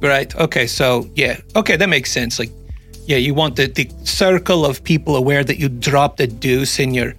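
A man's voice: medium pitch, normal speed, a bit bright, soft background music. A man hosting a podcast, chatting casually and narrating a true-crime story with sarcastic asides. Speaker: podcast host.

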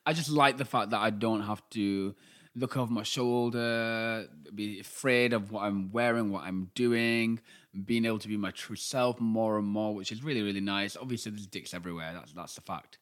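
A man's voice: fairly low pitch, normal speed, a bit bright. A man in his twenties with a Yorkshire accent, co-hosting a casual podcast chat in a camp, sassy way with plenty of swearing. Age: 20s. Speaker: podcast co-host.

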